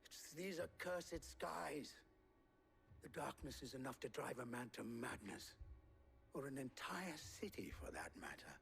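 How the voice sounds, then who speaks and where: An actor playing a composed middle-aged merchant in a video game, speaking in a measured, grave and sometimes hushed way. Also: male voice, mid-range voice, lively intonation, gravelly. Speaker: game character.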